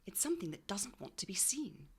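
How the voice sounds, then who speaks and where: A woman voicing a steady, level-headed older brother in a read-aloud storybook, speaking in hushed, breathy tones. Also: mid-range voice, a little fast, pitched above the performer's own voice. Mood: cautious. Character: eldest brother, steady boy leader.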